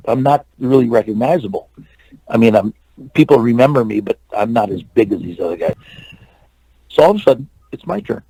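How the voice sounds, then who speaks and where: A man's voice: medium pitch, gravelly, dark tone, no room sound, poor audio. An older man, an actor and stuntman, telling long rambling anecdotes in a casual interview and acting out the lines of the people in them. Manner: rambling anecdotes with restarts and acted-out quotes.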